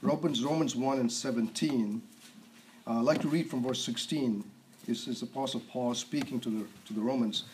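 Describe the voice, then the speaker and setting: A man preaching a sermon, stressing and repeating key words and often clearing his throat. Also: medium pitch, steady tone, normal speed, a little mellow, poor audio.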